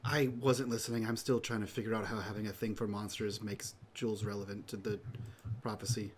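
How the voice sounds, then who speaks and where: A man's voice: fairly low pitch, fairly even intonation, a little fast, a little hiss or hum. A man playing a tabletop role-playing game, talking in character and sounding exasperated and confused. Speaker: player.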